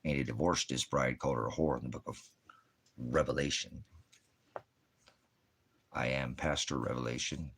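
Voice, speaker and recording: A man with a very low, husky voice preaches off the cuff. He rambles and jabs sarcastically, now and then turning aside to hush his dogs. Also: steady tone, normal speed, long pauses. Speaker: pastor.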